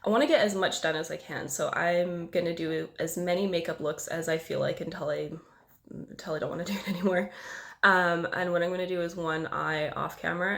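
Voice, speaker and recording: Young woman, stuffy nasal cold voice, lowish pitch, gravelly fry, rambling casual vlog chat. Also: a bit bright. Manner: rambling and self-conscious, with many filler words. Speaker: beauty vlogger. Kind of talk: casual talk to camera.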